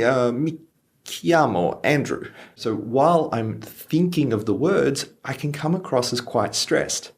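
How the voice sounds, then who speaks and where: A man teaching an English lesson in an upbeat, scripted way over faint background music. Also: lowish voice.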